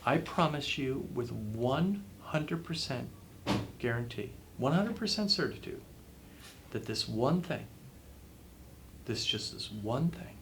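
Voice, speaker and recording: A man's voice: medium pitch, expressive, takes it slowly, background noise. A man being interviewed as a guest author, giving advice in an emphatic way and repeating phrases for effect. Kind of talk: interview answers, motivational advice.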